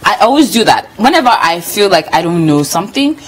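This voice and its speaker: A woman's voice: mid-range voice, a little fast, slightly rough, rough recording. A woman co-hosting a TV entertainment show, chatting casually and reading out comments with frequent laughter. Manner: animated, laughs often, reads comments aloud. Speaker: TV show co-host.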